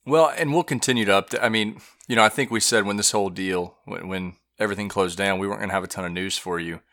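A man with a low but sharply bright voice co-hosts a podcast while feeling under the weather. He talks things through in an earnest, steady way. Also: fast. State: feeling unwell. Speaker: podcast co-host. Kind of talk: casual podcast chat.

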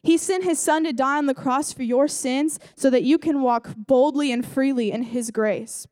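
A woman's voice: sits high, normal speed, darkish tone, clean tone, no room sound. A young woman giving a casual sermon at a church service, telling a story and talking in a chatty way with many fillers.

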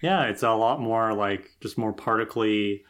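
Woman co-host with an unusually low voice, dry and observant. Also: measured pace. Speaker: podcast co-host. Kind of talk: casual chat.

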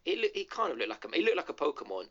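A man's voice: fairly high pitch, very animated, rapid-fire, fairly bright tone. Rambling man on a podcast. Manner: rambling storyteller, many ums and restarts. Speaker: podcast co-host. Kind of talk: casual gaming podcast chat. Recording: dull lo-fi audio.

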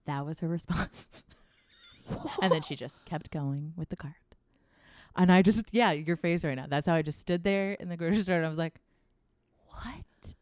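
A young woman with a notably low voice tells a frank, laugh-filled personal story in a relaxed chat. She swears freely and acts out other people's lines. The recording is dry and close, with no room sound. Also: moderate pace, dry recording. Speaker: podcast guest sharing a personal story. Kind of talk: casual chat.

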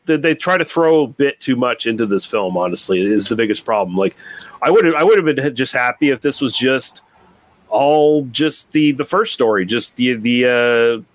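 A man's voice: mid-range voice, lively intonation, normal speed, no room sound. Laid-back rambling man, dry sound. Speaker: podcast co-host reviewing a film. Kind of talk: casual chat.

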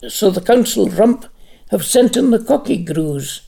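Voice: mid-range voice, lively intonation, a little slow, vocal fry, warm tone, breathy edge, exaggerated voice. A reader voicing a grown son who is brusque, urgent and impatient, as an audiobook character. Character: adult son, urgent, curt and protective.

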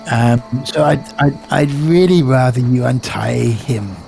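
A man's voice: mid-range voice, unhurried, gravelly, a little mellow, faint music behind. A man voicing an easygoing, blunt male adventurer who teases and swears offhandedly, in tabletop role-play. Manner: casual, teasing, swears offhandedly.

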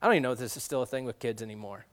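A middle-aged man preaching a sermon in a relaxed, conversational way, cracking jokes and asking the kids questions. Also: mid-range voice, rapid-fire. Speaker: guest preacher.

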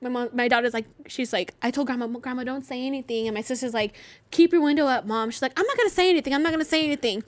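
Middle-aged woman guest, high voice, dry close sound, lively casual storyteller. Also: racing, no room sound. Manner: animated, swears, laughs through her story. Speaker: podcast guest.

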